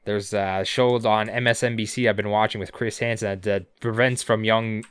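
A man co-hosting a podcast, recapping episodes casually with sarcasm, swearing and quick character impressions. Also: lowish voice, level tone, a bit bright, clean tone, dry recording. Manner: sarcastic, swears a lot, acts out characters' lines. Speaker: podcast co-host.

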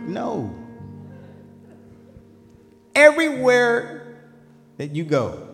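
A man preaching a sermon, swinging between shouted lines and low asides in call-and-response style. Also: expressive, measured pace. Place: church sanctuary. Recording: echoey hall with faint music.

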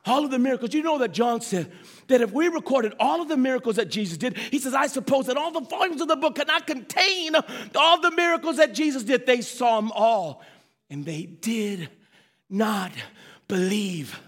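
High, bright preaching man. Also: animated. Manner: preaching with sudden shouts and slow hushed stretches; addresses the congregation directly. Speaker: pastor. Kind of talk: sermon.

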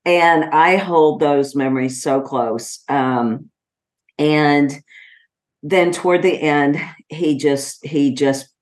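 A middle-aged woman with a low voice talks in an unhurried, gentle way, pausing often and filling gaps with soft ums. It sounds like a heartfelt personal podcast monologue. Her warmth comes through in how she takes her time. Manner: slow, gentle and heartfelt, with frequent pauses and fillers. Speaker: podcast host.

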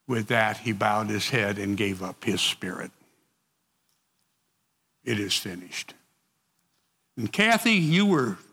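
Slow, bright-voiced man leading Bible study. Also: mid-range voice, breathy edge, in a large hall. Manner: halting, repeats words and restarts, conversational.

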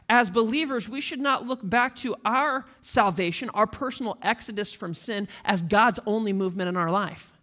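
A pastor giving a sermon in a church, speaking casually to the congregation and acting out listeners in quick asides. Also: medium pitch, a bit bright. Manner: casual, conversational preaching to the congregation.

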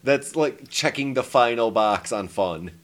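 A man's voice: mid-range voice, animated, measured pace. A man co-hosting a casual movie podcast, talking loosely with frequent swearing and laughter. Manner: loose, profane, laughing often. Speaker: podcast co-host.

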